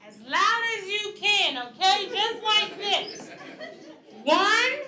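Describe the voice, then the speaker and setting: A woman with a very high, bright voice rallies children at a school assembly, playful and coaxing. She sounds recorded in a large echoey hall. Faint chatter of a young crowd sits behind her. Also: lively intonation, slow pace. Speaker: children's author visiting a school.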